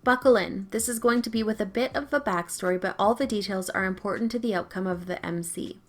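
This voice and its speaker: A woman's voice: mid-range voice, fairly quick. A young adult woman reading an online story aloud with a wry, storytelling delivery. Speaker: story narrator.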